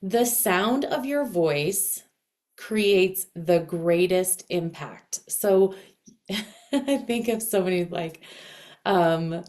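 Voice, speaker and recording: A woman teaching casually to camera in a dense, heavy voice, speaking expressively with clear inflection. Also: lowish voice, drawn-out words, darkish tone. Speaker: astrology and voice coach.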